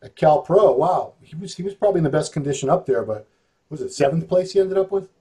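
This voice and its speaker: A man's voice: a little high, animated, fast, warm tone, husky. A man hosting a casual talk show, speaking frankly and in a laid-back way. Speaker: host. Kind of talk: casual chat.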